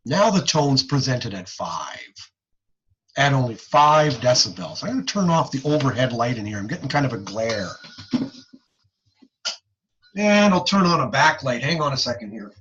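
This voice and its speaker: A man teaching audiology in a recorded online lecture, folksy and animated, checking in with "okay?" as he goes. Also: mid-range voice, normal speed, pauses often, lo-fi sound, slight background noise.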